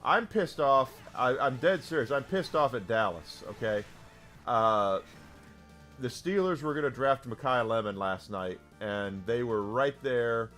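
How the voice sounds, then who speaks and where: A man's voice: medium pitch, expressive, unhurried, fairly bright tone, faint music behind. Rambling male game streamer. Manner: rambling, restarts, heated about sports. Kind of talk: casual live-stream chat.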